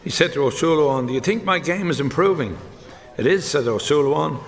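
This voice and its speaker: A man with an Irish accent telling one-liner golf jokes on stage, deadpan, switching between characters. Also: on the high side. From Ireland. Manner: deadpan joke delivery with quick character switches. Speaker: stand-up comedian. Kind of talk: live stand-up joke telling. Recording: live show in a reverberant hall with audience noise. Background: audience laughter.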